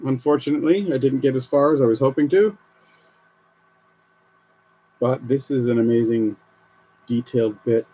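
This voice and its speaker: A man's voice: medium pitch, moderate pace, long pauses, mellow, husky, poor audio. A man live streaming as he builds a model kit, chatting and thinking aloud as he works. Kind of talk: casual live stream commentary.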